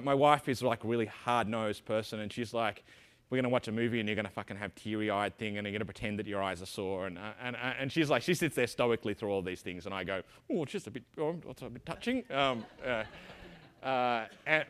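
A man's voice: mid-range voice, a bit bright. A middle-aged man with an Australian accent giving a conference talk, rambling and full of ums and restarts. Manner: rapid, rambling, lots of ums and self-interruptions. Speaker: conference speaker. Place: conference hall stage.

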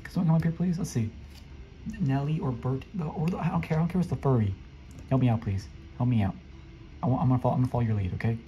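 A man commenting casually on his gameplay, excitable and flustered, often talking to the other players. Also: medium pitch, very fast, pauses often, slight background noise, low-quality recording. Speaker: gameplay streamer. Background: faint game music.

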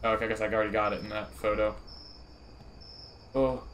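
A man's voice: fairly low pitch, little pitch movement, quick pace, a bit bright, a little hiss or hum. A young man doing profane, nervous, jokey commentary while playing a horror game. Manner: profane, jittery, nervously joking. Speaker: gamer.

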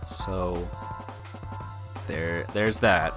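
A man's voice: deep voice, steady tone, extremely slow, bright, forceful tone. A man hosting a game playthrough, talking in a loose, offhand way with frequent restarts and some swearing. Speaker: let's play host. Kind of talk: casual gameplay commentary. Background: game music.

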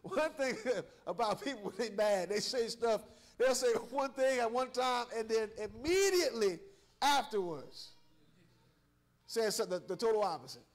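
A man's voice: very high-pitched, expressive, moderate pace. A man preaching a revival sermon, emphatic and repetitive, drawing call-and-response from the congregation. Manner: emphatic, repeats words and restarts, chuckles. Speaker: guest preacher, church elder.

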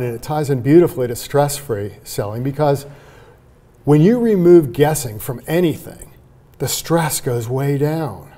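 Emphatic man with a dark, mellow voice. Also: medium pitch. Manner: animated, emphatic, laughs while explaining. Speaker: sales trainer guest. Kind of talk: conversational interview.

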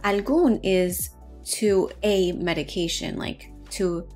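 A middle-aged woman, a nurse educator, gives an online lesson on medical phrases, slowing down and repeating each phrase for learners. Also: medium pitch, darkish tone, faint music behind.

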